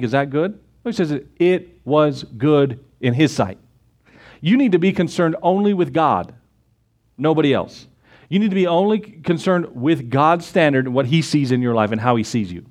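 A man's voice: on the high side, darkish tone. A man preaching a sermon to his congregation, asking rhetorical questions and answering them himself. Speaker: pastor. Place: church.

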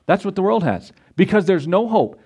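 A man's voice: sits high, very animated, moderate pace, a little mellow, breathy edge. A man preaching a sermon as pastor, emphatic and full of rhetorical questions, acting out the voices he quotes.

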